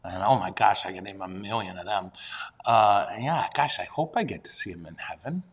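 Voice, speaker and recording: A priest with a lowish voice chats briskly and casually on a livestream. Playful and self-deprecating, he pokes fun at himself and chuckles often.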